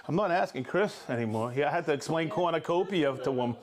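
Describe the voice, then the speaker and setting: A man's voice: a little high, animated. A man hosting a live show, reading out viewers' names and hometowns with jokes and stumbles over hard names. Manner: jokey, stumbles over place names, quick asides. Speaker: livestream host.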